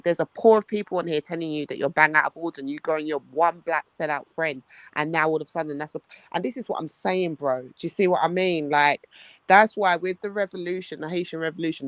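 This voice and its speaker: A man chatting casually on a podcast, telling a story in animated bursts and calling his listener "bro". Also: a little high, no echo. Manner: animated, calls listener "bro", acts out quoted voices. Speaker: podcast co-host.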